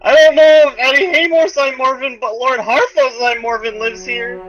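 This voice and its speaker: A high, hesitant young doorkeeper stammers at the gate, put on by a man. The tabletop game is captured on a dull, lo-fi recording with faint music underneath. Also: fairly even intonation, normal speed, a bit bright. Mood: unsure. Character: nervous young male doorkeeper, early twenties.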